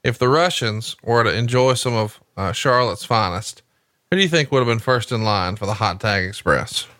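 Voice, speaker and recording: A man's voice: lowish voice, expressive, normal speed, fairly bright tone, no room sound, studio quality. A man hosting a casual chat, teasing his co-host and feeding him questions. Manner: teasing, feeds questions, laughs along.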